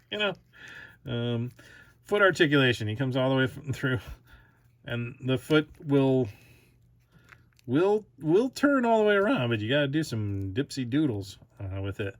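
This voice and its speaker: A man chats through his own toy review at an unhurried pace. His pitch swings up and down, and he breaks into giggles while he stumbles and restarts his sentences. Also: lively intonation, no echo. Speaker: toy reviewer, channel host.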